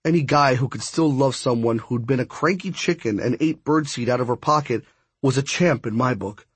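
Male narrator, husky, dry close studio sound, easygoing first-person storytelling. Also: mid-range voice, normal speed, no echo. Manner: easygoing, conversational. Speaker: audiobook narrator.

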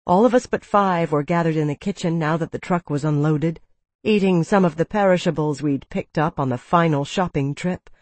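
An audiobook reader narrating a story in the first person, calm and steady. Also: medium pitch, normal speed, no room sound.

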